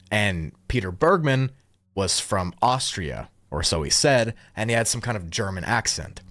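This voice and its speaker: A man narrating a true-crime video in a measured, reflective scripted style. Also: on the low side, no room sound.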